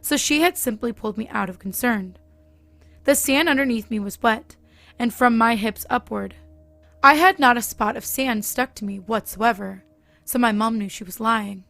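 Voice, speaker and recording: Woman narrator with a raised, gravelly voice; steady scripted horror read, close and dry. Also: on the high side, moderate pace, no room sound, soft background music.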